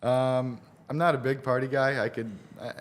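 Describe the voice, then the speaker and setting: A man's voice: mid-range voice, steady tone, moderate pace. A young man, a college athlete, answering interview questions in an easygoing, hesitant way and laughing often. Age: young adult.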